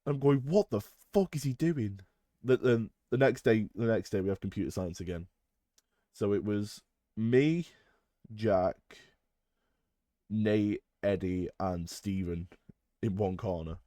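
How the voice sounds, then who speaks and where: A young man co-hosting a podcast, telling school stories in an animated way with bursts of loud laughter. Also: on the low side, a little slow, long pauses, dry recording. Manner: animated storyteller, loud when acting out a shouting teacher, laughs through lines. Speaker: podcast co-host. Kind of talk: casual storytelling.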